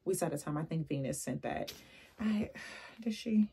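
A young adult woman vlogging casually, telling animated stories with laughs and asides. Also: sits low, moderate pace, vocal fry, breathy edge. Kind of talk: casual chatty vlog.

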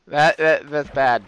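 A man's voice: on the high side, fairly bright tone, dull audio. A man doing goofy, rambling Let's Play commentary, breaking into whiny mock-crying outbursts. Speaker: gamer, channel host.

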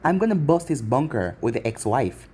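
Brief: narrator doing a gruff male soldier sidekick, blunt, husky, lively pitch. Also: moderate pace. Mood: boastful.

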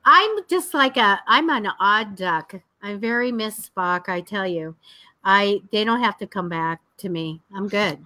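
A woman's voice: medium pitch, lively intonation, measured pace, bright, forceful tone. A woman co-hosts a live psychic show with a casual, chatty delivery. She laughs often and speaks bluntly. The sound is dry and close, with no room echo. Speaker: psychic co-host. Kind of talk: casual live-stream chat.

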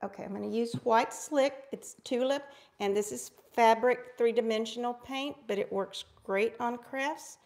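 Middle-aged woman, gravelly voice, fairly high, bubbly live craft chat. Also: moderate pace, a little mellow. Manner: bubbly, gasping, talks to viewers as friends. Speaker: craft live-stream host.

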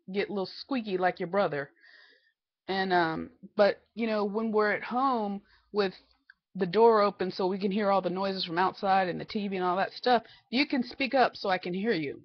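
A woman vlogging at home, telling a long family story in a fed-up, rambling way. She keeps replaying the back-and-forth of each argument, and the recording sounds a bit dull and lo-fi. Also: mid-range voice. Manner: exasperated, quotes family members in quick back-and-forth. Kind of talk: casual storytelling rant.

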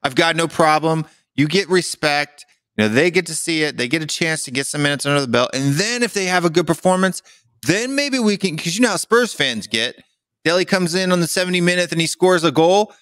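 A man's voice: fairly high pitch, lively intonation, fairly quick, fairly bright tone, no echo, studio quality. A young adult man co-hosting a podcast in casual chat, talking in an exasperated, rambling way with lots of fillers. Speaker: podcast co-host.

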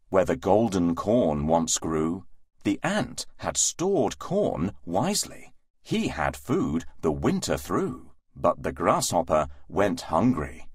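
A man narrating a rhyming bedtime fable in a sing-song, expressive way. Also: on the low side, slightly rough, no echo, clean studio sound.

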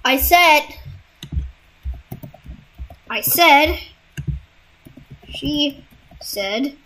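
A young woman casually commenting on a game she is playing, laughing and reacting out loud. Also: high-pitched, lively intonation, extremely slow. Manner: giggly, exclamatory, reacting out loud. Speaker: gamer.

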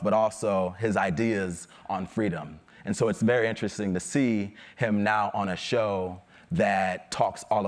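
A man with a lowish voice gives a conference talk about his photography. He explains at a measured pace, with a few ums along the way.

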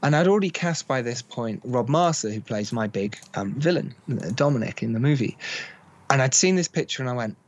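A man's voice: medium pitch, fairly quick. A man, a film director guest on a podcast, telling stories and acting out quoted dialogue. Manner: animated storyteller acting out quotes. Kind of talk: podcast interview.

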